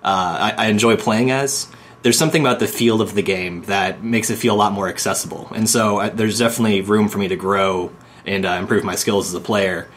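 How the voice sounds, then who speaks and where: Male podcast host, low voice, measured and thoughtful, faint background noise. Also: fairly even intonation, a bit bright. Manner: measured, thoughtful, filler-heavy. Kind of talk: casual podcast chat.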